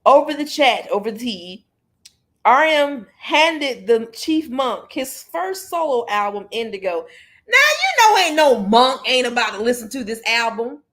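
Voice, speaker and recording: A woman, a fairly high voice that bursts into laughter, talking through a casual commentary chat. She jokes freely and keeps the energy loose. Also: unhurried. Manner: laughs often, animated and joking. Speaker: host.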